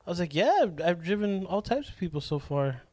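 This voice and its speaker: Young male podcast co-host from Southern California, profane storyteller, slightly high voice, dry close-mic sound. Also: brisk, no room sound. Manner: profane, animated storyteller quoting people. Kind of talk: casual storytelling chat.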